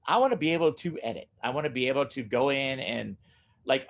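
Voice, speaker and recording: Gravelly-voiced drummer in casual talk. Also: male voice, mid-range voice, fairly quick. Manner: laughs often, animated, repeats himself. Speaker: guest, studio owner and drummer. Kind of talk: casual conversation.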